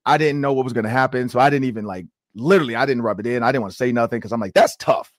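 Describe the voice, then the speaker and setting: A man in his forties hosts a sports podcast, spinning long stories and acting out what people said, full of "like" and "man." His voice sits at an ordinary pitch. The recording is dry and close, with little room sound. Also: rapid-fire, no room sound. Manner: animated storyteller, acts out quotes with lots of "like". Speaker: podcast host. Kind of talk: casual sports chat.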